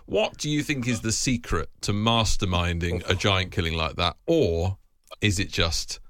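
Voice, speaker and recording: A man hosting a podcast, asking a guest thoughtful interview questions in a measured way. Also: sits low, a bit bright, dry recording, studio quality. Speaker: podcast host.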